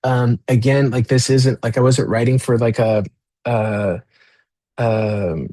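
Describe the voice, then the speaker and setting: A man, an author, reading his own novel aloud in a measured way, then talking freely with many fillers and restarts. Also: medium pitch, steady tone, mellow, dry recording.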